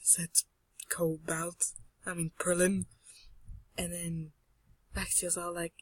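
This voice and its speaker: A young woman sarcastically narrating her old home-made animation, playful, often dropping to quiet mumbles and whispers. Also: lowish voice, completely flat delivery, slow pace, pauses often, husky, dry recording, low-quality recording.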